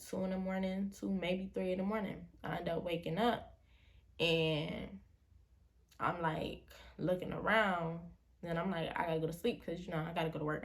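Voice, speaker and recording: A young woman tells a personal story to her camera in a relaxed, slangy way. Her voice sits low and has a gravelly edge. She slips into the voices of the people she quotes as she talks. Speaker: vlogger. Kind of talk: casual storytime.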